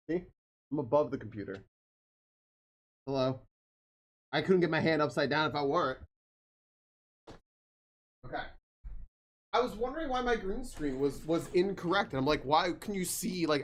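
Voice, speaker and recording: A man streaming live, chatting casually and greeting viewers by name, with frequent swearing. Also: a little high. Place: home streaming room.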